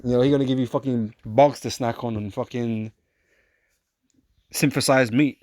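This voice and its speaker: A man's voice: mid-range voice, fairly even intonation, moderate pace, darkish tone, no room sound, clean studio sound. A man, teaching scripture in a casual, profane, repetitive way. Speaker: street preacher.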